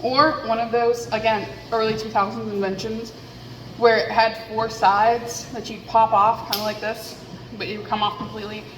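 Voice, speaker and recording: Woman rambling on a headset mic, kinda high voice, pokes fun at herself, echoey room w long reverb. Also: little pitch movement, moderate pace, background noise. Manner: chatty, self-deprecating, thinks aloud. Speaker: vlogger. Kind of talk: candid rambling monologue.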